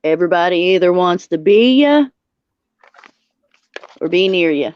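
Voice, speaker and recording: Folksy Southern woman, smooth voice. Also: fairly low pitch, expressive, unhurried. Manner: folksy, uses homespun sayings. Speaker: guest. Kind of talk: casual live stream chat. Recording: dull dry lo-fi audio.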